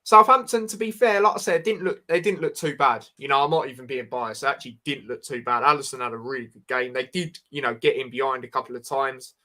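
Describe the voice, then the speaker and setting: A man's voice: mid-range voice, fast talker, hardly any pauses, bright, forceful tone. Chatty man reviewing football. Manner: rambling, frequent fillers like "you know" and "man". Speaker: podcast host. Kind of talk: casual football match review.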